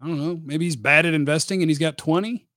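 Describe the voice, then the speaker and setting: A man's voice: fairly high pitch, fast talker, a bit bright, no echo, studio quality. A man hosting casual live-stream sports commentary, blunt and opinionated with a rambling delivery. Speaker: sports radio host.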